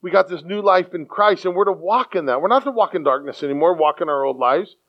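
A man preaching a sermon in an animated way, acting out quoted voices and often repeating his words. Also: sits high, fast talker. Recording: dull lo-fi sound.

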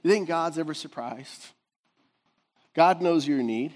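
A man preaching a sermon to his congregation in a high, lively voice. He swings from near-shouts down to hushed tones and laughs often between points. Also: measured pace, pauses often. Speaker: pastor.

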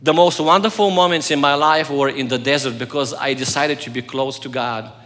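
A pastor delivering an earnest sermon, telling a personal story and swinging between loud passages and soft, hushed moments. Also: male voice, mid-range voice, steady tone, brisk, in a large hall.

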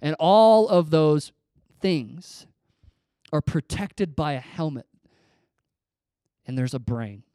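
A man's voice: fairly high pitch, expressive, slow, long pauses, mellow, clear, resonant tone, no room sound, studio quality. Rambling young man preaching a story. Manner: rambling, self-deprecating, with many fillers and restarts. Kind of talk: casual storytelling sermon.

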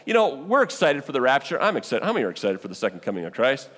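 A man preaching a sermon as a pastor, animated and exclamatory, acting out the people in the scripture. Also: fairly high pitch, racing, hardly any pauses. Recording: long hall reverb.

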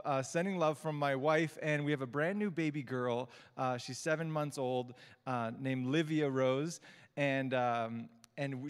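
A man preaching to his congregation in a relaxed, talkative way, breaking off and restarting his sentences as he goes. His voice sits a little higher than most men's. The sanctuary gives it a long, ringing reverb. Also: clear, resonant tone. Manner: warm, chatty, often restarts mid-sentence; gushing and excitable when reacting. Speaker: guest preacher. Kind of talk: casual conversational sermon. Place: church service with live congregation.

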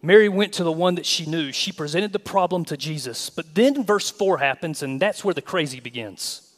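A male pastor preaching a sermon in an animated, emphatic way with touches of humor. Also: on the high side, normal speed, big-room sound.

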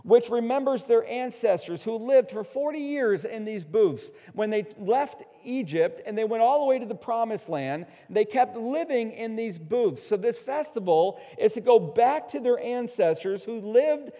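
High-voiced preacher guy, mellow tone, dull recording w/ big hall reverb, gets quiet then loud. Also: lively intonation. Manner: emphatic, swings between hushed and loud, slows for weight. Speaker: pastor. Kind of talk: sermon.

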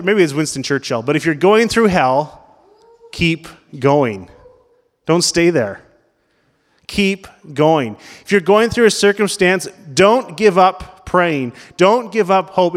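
A man preaching a sermon as pastor in a conversational way, asking the congregation questions. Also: a little high. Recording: long reverb of a large hall.

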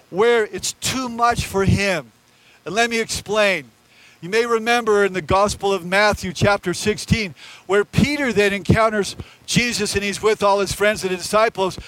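A man with a very high voice preaches a sermon from the pulpit. He is animated and slips into quoted voices to act out the figures in the story he tells. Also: low-quality recording. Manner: animated, acts out Peter's and Jesus's lines in quoted voices. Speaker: pastor.

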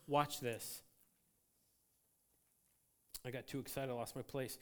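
A man preaching a sermon as pastor, emphatic and animated, swinging between loud outbursts and quiet asides. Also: mid-range voice, takes it slowly, long pauses. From United States.

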